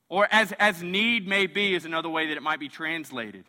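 A man preaching a sermon as pastor, animated, surging loud and then dropping quiet. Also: fairly high pitch, moderate pace, hardly any pauses. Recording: long church hall reverb.

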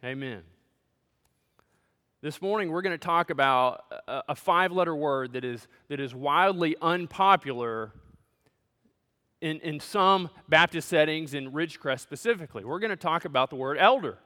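A man's voice: on the high side, animated, normal speed, sharp tone, in a large hall. A man as pastor, preaching a sermon in a conversational, joking way, in a church sanctuary.

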